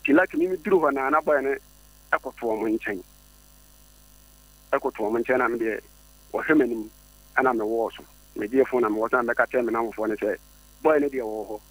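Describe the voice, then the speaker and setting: A man calling into a radio show, telling a personal story with excited stammering and sudden high jumps in his voice. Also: normal speed, pauses often, poor audio.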